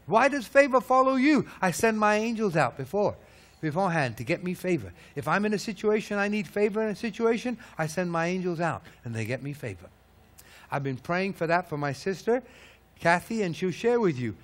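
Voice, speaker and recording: High-pitched male preacher, emphatic sermon delivery, rhetorical questions, sharp swings in volume. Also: sing-song, brisk. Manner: swings between loud peaks and low hushed lines.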